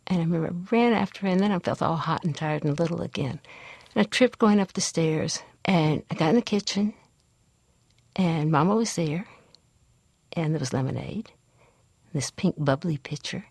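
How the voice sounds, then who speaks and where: An older woman from the American South, telling a personal story in a reflective, unhurried way. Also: lowish voice, a little mellow, breathy edge, no echo.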